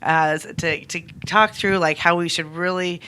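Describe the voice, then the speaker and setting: A woman's voice: on the low side, fairly even intonation, normal speed, bright, forceful tone, clear, resonant tone. A woman guest on a podcast, talking casually and rambling with lots of fillers and restarts. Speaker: guest, toy company salesperson.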